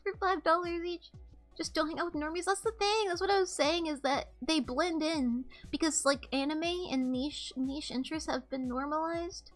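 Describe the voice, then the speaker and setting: Young female streamer, high pitch, rambling and candid, casual chat, faint music bed. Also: normal speed. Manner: rambling, candid storytelling with swearing. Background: faint background music.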